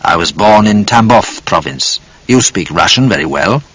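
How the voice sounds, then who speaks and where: A man voicing a tall, guarded foreign man who is compassionate, speaking in a measured, calm way in a storybook reading. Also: sits low, slightly rough, no echo, pitched below the performer's own voice, exaggerated voice, rough recording.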